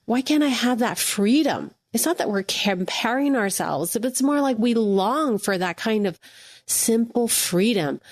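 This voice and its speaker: A woman's voice: medium pitch, a little mellow, no room sound, clean studio sound. A woman hosting a devotional podcast, speaking earnestly and encouragingly straight to the listener. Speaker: podcast host.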